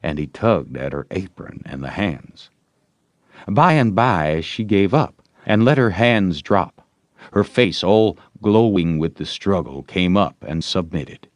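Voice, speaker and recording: A man narrating an audiobook in an animated storytelling manner. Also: low voice, slow pace, no echo.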